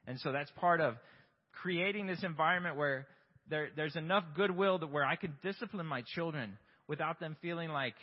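Male pastor, husky mid-range voice, candid self-deprecating sermon, echoing church hall. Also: fairly high pitch, moderate pace. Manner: candid, self-deprecating, asks rhetorical questions. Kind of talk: conversational sermon. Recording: long hall reverb, dull lo-fi sound.

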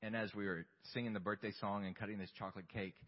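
Male pastor, husky mid-range voice, candid self-deprecating sermon, echoing church hall. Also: fairly low pitch, fairly even intonation, fast talker. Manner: candid, self-deprecating, asks rhetorical questions. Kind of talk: conversational sermon. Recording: long hall reverb, dull lo-fi sound.

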